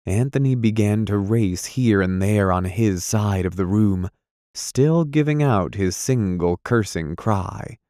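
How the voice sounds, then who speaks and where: A man narrating a classic novel in a measured, deliberate reading. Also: on the low side, mellow, dry recording, studio quality. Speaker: audiobook narrator. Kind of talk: scripted narration.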